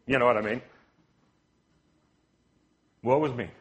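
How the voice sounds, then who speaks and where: A man's voice: medium pitch, fairly even intonation, unhurried, lo-fi sound. A man preaching a conversational sermon, casual and joking, with frequent restarts and asides to the congregation. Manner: casual and joking, frequent restarts and "you know what I mean". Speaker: pastor.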